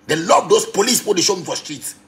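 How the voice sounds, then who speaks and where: A man in his thirties with a Ghanaian accent, ranting heatedly on a phone livestream and preaching, swinging between loud outbursts and low murmurs. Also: animated, fast talker. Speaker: musician live-streaming. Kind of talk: impassioned social media rant.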